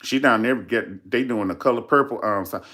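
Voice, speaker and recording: A man's voice: medium pitch, normal speed, a bit bright. A man hosting a casual celebrity gossip vlog, sassy, dramatic and profane, calling his viewers "honey" again and again. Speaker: vlogger host.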